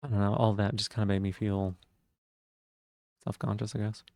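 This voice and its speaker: A man with vocal fry, musing thoughtfully in casual live-stream chat. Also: fairly low pitch, flat delivery, normal speed, darkish tone, dry recording, studio quality. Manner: thoughtful, musing, self-reflective.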